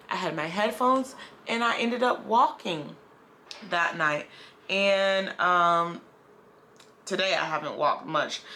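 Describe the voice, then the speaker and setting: A woman's voice: on the low side, sharp tone, slight background noise. A woman vlogger talking candidly in a casual, rambling video diary.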